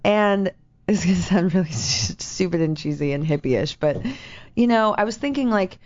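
A woman chatting casually in an animated, rambling way, often laughing as she talks. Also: fairly low pitch, normal speed. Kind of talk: casual chat. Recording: dull lo-fi sound.

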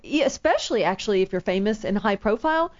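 A woman's voice: mid-range voice, animated, fast, a little mellow. A woman with a Southern US accent, a matchmaker chatting frankly and confidingly as a guest on a radio talk show. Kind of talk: casual radio interview chat. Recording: dull lo-fi sound.

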